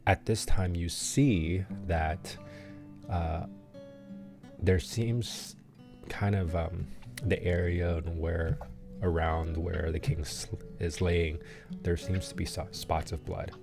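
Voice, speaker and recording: A man with a very deep, low voice runs a tabletop role-playing session, describing scenes slowly and haltingly, often stopping to find his words. Faint guitar music sits under his narration. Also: steady tone, gravelly. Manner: halting, many ums and restarts. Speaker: game master.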